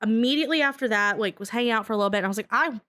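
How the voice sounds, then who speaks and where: A woman chatting on a casual podcast, with a voice pitched a little high. She tells her stories in an animated way. She laughs often and swears freely. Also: very fast. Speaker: podcast guest.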